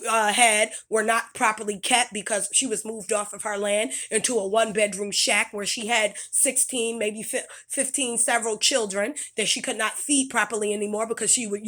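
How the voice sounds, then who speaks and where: A woman's voice: a little high, fairly bright tone. A woman speaking, delivering an angry, blunt, profane monologue straight to the listener. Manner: blunt, heated, profane, with many restarts and fillers. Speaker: commentator speaking to camera.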